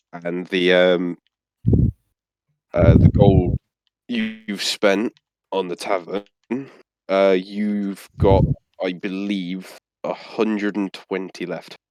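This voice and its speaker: Low-voiced game master. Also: male voice, a little mellow, dry recording. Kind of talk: running a tabletop game over voice chat.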